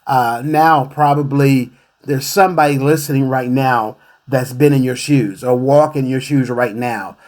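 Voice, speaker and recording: A man hosting a radio interview show, reflective and halting, searching for his words as he goes. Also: medium pitch, fairly even intonation, a little mellow. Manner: reflective, hesitant with many fillers and restarts.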